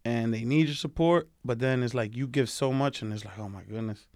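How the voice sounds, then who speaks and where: A man's voice: medium pitch, a little fast, a little mellow, no echo. A man in a casual group chat who rambles, restarts his sentences often, and throws in jokey asides.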